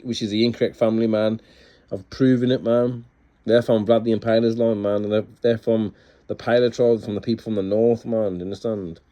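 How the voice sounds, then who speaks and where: A man reading aloud from books and commenting excitedly, ending almost every phrase with "man". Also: fairly low pitch. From Scotland. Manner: excitable, peppers sentences with "man". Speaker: book reviewer. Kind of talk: casual video talk reading from books.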